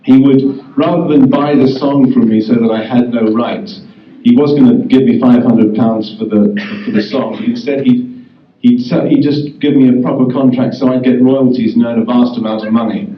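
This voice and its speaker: A man's voice: medium pitch, fairly even intonation, moderate pace, a little hiss or hum. An English man, a guest singer-songwriter, chatting wryly with a convention crowd between songs and mocking himself. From England. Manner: wry, self-mocking, laughs at himself. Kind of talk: chatty stage patter between songs with guitar. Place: convention hall stage. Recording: roomy, distant, dull old tape of hall. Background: guitar playing.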